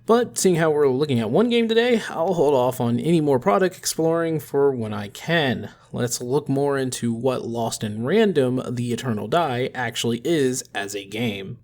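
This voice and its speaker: A man's voice: mid-range voice, lively intonation, normal speed, few pauses, a little mellow. A young man narrating a scripted gaming video essay in a chatty way, with self-deprecating asides. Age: young adult. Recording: faint music underneath.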